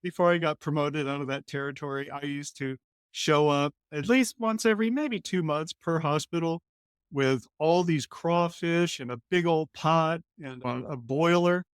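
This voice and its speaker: A man from Colorado, a company CEO, telling a lively story as a guest in an interview and acting out the voices of the people in it. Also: fairly high pitch, normal speed, smooth, dry recording. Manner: animated, acts out quoted lines in other voices.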